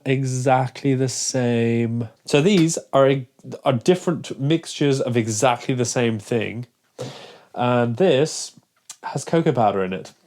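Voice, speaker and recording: A man's voice: mid-range voice, expressive, unhurried, darkish tone, a little hiss or hum. A young man talking casually to camera in a vlog, ranting with mock outrage. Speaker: fitness vlogger.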